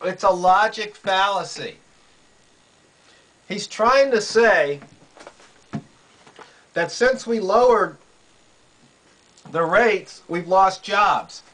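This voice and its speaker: Man, high voice, slow delivery, sarcastic incredulous commentary, repeats points. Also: animated, a bit bright, poor audio. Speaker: political commentary vlogger. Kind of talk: casual commentary. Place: quiet room under a roof in rain.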